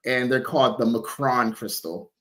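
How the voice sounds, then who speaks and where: A man co-hosting a casual podcast chat, halting and restarting his sentences. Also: medium pitch, fairly bright tone.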